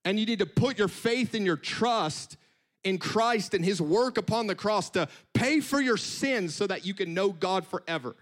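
A man preaching a sermon in an animated, conversational way, with quick asides. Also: sits high.

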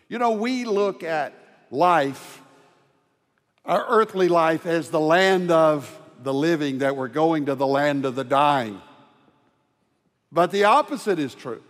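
Slow, reverberant male preacher. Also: expressive. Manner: swings from hushed tender lows to loud ringing proclamation. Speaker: pastor. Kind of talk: sermon. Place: large church sanctuary. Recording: long hall reverb.

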